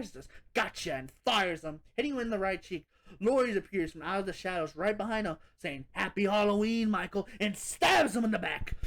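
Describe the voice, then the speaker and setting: A woman with a medium-pitched voice reviews a horror movie in a loose, casual way. Rambling and restarting her thoughts, she laughs often and swears freely while picking the film apart.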